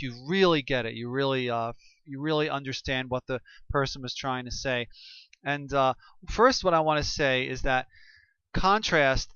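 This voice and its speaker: A man talks through a lesson in a relaxed, unscripted way, stumbling often and circling back with fillers as he explains. His voice is smooth and resonant, heard close and dry on a slightly dull, lo-fi recording. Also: medium pitch, no room sound. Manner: halting, many fillers and restarts. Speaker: teacher.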